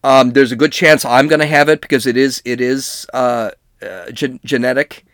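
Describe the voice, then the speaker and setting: A man's voice: mid-range voice, fairly even intonation, normal speed, fairly bright tone, dry recording, studio quality. A middle-aged man hosting a podcast, reading news stories and riffing on them with wry, sarcastic asides. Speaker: podcast host. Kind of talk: comedic news commentary.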